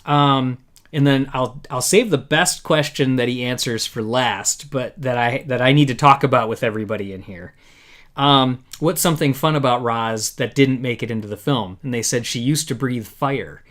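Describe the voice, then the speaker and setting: This man hosts a laid-back live talk as a podcaster, his voice mid-pitched and a bit bright, his pace moderate. Frequent halts and fresh starts mark his chatty style, and he pauses his own thoughts to read quotations aloud.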